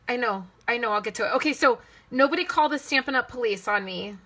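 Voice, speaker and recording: A woman's voice: on the high side, quick pace, pushed and bright. A woman leading a casual live card-making demonstration, chatting and thinking aloud as she works and answering viewers' comments. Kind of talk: casual live crafting demo.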